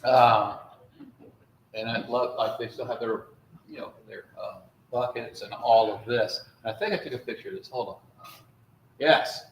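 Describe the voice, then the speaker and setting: Rambling priest in an echoey hall. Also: male voice, medium pitch, moderate pace, slight background noise. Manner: chatty, rambling storyteller with many fillers. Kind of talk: informal talk to a congregation with slides. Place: church hall. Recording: echoey room, faint ambience.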